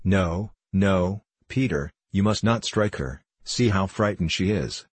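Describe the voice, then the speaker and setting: A man reading aloud, voicing an eager, tender-hearted little mountain girl who exclaims excitedly. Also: deep voice, slow, slightly rough, dry recording, full character voice. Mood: pleading.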